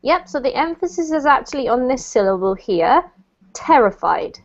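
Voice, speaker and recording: A woman's voice: sits high, big pitch swings, brisk, highs cut off. A woman teaching an online English class, explaining words patiently and correcting pronunciation.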